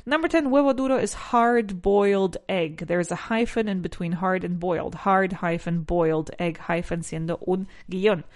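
Woman teaching English drills. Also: lowish voice. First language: Spanish. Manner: drills pronunciation, repeats words slowly, switches between English and Spanish. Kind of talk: bilingual language lesson.

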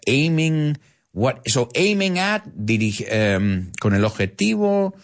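Lively, animated male English teacher. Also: mid-range voice, unhurried. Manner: animated, laughing, switching between English and Spanish to explain. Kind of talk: live lesson reading viewer comments.

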